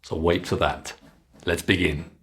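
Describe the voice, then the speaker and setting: A man with a British English accent teaching pronunciation, modelling sounds slowly and clearly for learners to repeat. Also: low-pitched, fairly even intonation, a bit bright. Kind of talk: scripted pronunciation lesson.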